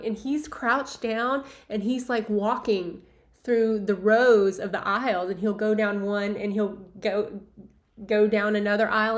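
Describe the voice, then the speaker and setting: A woman in her forties casually telling a personal memory over photos, chatty with lots of fillers and acted-out dialogue. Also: medium pitch. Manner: chatty, many fillers, acts out remembered dialogue. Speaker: former arena event staffer telling a memory.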